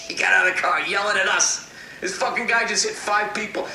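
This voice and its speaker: A male comedian telling a comedic story as a rant, animated and full of profanity. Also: high-pitched, normal speed, creaky, long pauses. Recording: roomy, distant recording with faint noise.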